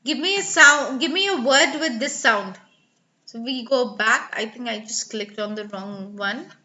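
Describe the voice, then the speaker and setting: A woman with a fairly high, sharp voice speaks a little slowly, and the highs are cut off. She's teaching English pronunciation in a live online class, enunciating sample words clearly and carefully while coaxing students by name.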